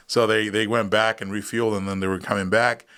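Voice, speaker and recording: A man's voice: lowish voice, level tone, brisk, fairly bright tone, smooth. A man in his thirties, a guest on a podcast, telling a war story in a casual way, acting out voices and laughing often. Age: 30s. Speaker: guest, combat veteran.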